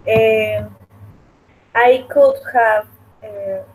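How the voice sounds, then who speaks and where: Slow, hesitant female student, higher voice. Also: fairly even intonation, darkish tone, low-quality recording. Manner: hesitant, repeating after the teacher.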